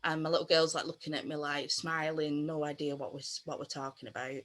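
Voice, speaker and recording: A woman in her thirties, a pet bereavement counsellor, telling a personal story on a video call with many pauses and fillers. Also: low voice, level tone, a bit bright, slight background noise. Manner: hesitant, many fillers and restarts.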